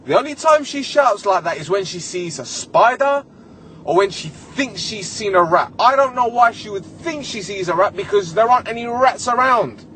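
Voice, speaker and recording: High-pitched, animated man ranting. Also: normal speed, slight background noise. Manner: animated storytelling, heavy swearing, exasperated. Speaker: podcast host. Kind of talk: solo comic rant.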